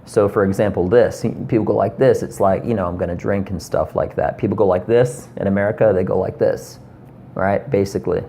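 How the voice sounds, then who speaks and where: Casual note: man in his 30s, rambling foul-mouthed rant, lowish voice, faint noise behind. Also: steady tone, a little fast, gravelly, warm tone. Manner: rambling, profane, lots of ums. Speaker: comedian vlogger. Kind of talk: profane comedy rant.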